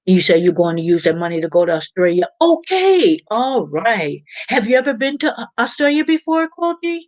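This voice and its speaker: A woman's voice: medium pitch, sing-song, normal speed, no room sound, rough recording. A woman hosting a casual live-stream chat, reading viewers' comments aloud and rambling along with plenty of fillers. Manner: chatty and rambling, with frequent fillers and restarts.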